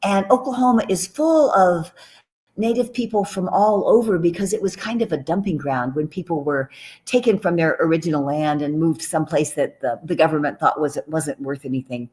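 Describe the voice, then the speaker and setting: A woman novelist talking in a casual radio interview, chatty and animated, often restarting her phrases. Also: low voice, fairly quick. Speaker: novelist guest.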